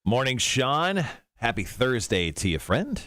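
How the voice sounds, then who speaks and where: A man on morning radio with a voice that swings widely in pitch, telling playful stories and laughing often. the sound is close and dry, with no room echo. his pitch sits in the middle of the male range. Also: very animated, a little slow, a bit bright. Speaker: radio show co-host. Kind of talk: casual morning radio banter. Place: radio studio.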